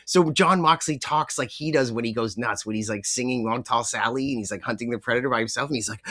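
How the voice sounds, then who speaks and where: A man's voice: medium pitch, fairly quick, bright, forceful tone. A young man co-hosting a wrestling podcast in casual chat, rambling with lots of fillers and casual swearing. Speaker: podcast co-host.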